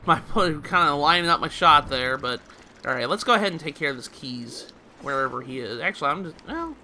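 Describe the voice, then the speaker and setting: A man's voice: fairly high pitch, lively intonation, normal speed, pushed and bright, slight background noise. A man giving a casual, chatty game walkthrough, often laughing while he explains each step. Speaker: let's play host.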